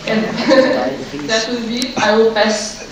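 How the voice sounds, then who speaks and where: A woman's voice: on the high side, fairly even intonation, slow pace, creaky. A woman from a student association wrapping up her presentation, friendly, with small laughs. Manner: friendly, laughs between lines. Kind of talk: presentation wrap-up. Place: large lecture hall. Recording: echoey hall, distant mic, noisy.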